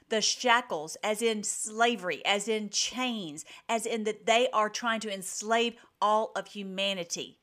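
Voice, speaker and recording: A woman hosting an online show, giving emphatic, rapid-fire political commentary between video clips. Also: medium pitch, a bit bright.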